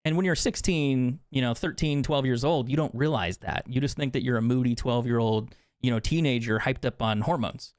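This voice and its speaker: A man's voice: medium pitch, normal speed, hardly any pauses, no room sound, studio quality. A young man streaming a game, chatting candidly with viewers, swearing freely and laughing often. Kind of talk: casual chat with stream viewers while gaming.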